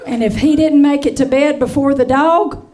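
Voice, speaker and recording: A woman's voice: high-pitched, fairly even intonation, normal speed. Brassy woman comic over crowd laughter. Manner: brassy, chatty, addresses the crowd as honey and y'all. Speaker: stand-up comedian. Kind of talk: stand-up comedy set. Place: comedy stage before a live audience. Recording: live comedy show with crowd laughter.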